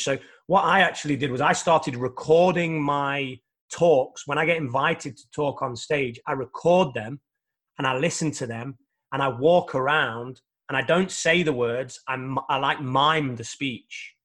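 A man's voice: medium pitch, unhurried, fairly bright tone. A man hosting a podcast, telling his own story in a reflective, casual way. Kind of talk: casual interview chat.

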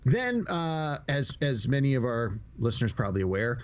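A man's voice: mid-range voice, normal speed, lo-fi sound. A middle-aged man hosting a casual podcast chat, telling stories with acted-out quotes and laughing as he talks. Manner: animated storyteller, acts out quotes, laughs while talking. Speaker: podcast host.

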